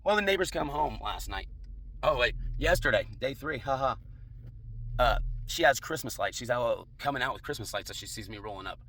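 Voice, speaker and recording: A man's voice: mid-range voice, lively intonation, fairly quick, fairly bright tone, a little hiss or hum. A young man telling a casual, profane personal anecdote in a laid-back way, laughing along. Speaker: storyteller.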